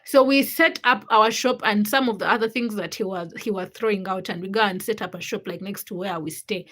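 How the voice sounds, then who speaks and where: A young adult woman hosting a livestream, telling childhood stories in a casual, animated way and greeting viewers in the chat. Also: medium pitch, a little fast. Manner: animated storytelling, acts out quotes with laughter. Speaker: livestream host.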